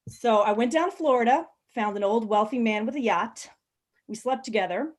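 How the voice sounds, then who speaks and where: This comedian, a woman in her thirties, has a slightly high voice and talks at a normal speed. She tells bawdy, frank stories during a stand-up set on a live video call, with plenty of ums and little laughs along the way.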